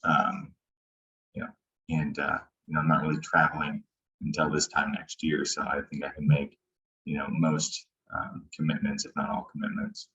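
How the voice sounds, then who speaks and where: A man's voice: extremely low pitch, completely flat delivery, moderate pace, bright, forceful tone. A man on a video call answering questions hesitantly, with many ums, as a candidate for an officer post. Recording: dull lo-fi call audio.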